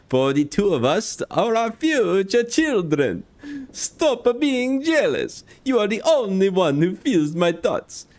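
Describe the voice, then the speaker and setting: A man voicing a lovesick male letter writer in a put-on mock Italian accent, high and theatrical. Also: heavily acted.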